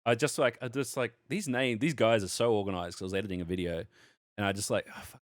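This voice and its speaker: An Australian man co-hosting a podcast, rambling through an animated gaming story and swearing freely in casual chat. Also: on the low side, fast, no room sound, clean studio sound. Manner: rambling anecdote, heavy swearing, animated retelling. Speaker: podcast co-host.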